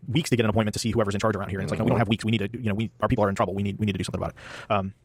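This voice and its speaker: Fast-talking man recapping a show. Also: lowish voice, fairly even intonation, breathy edge, dry recording, studio quality. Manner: rambling with fillers, acts out quotes. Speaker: podcast host. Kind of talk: casual recap chat.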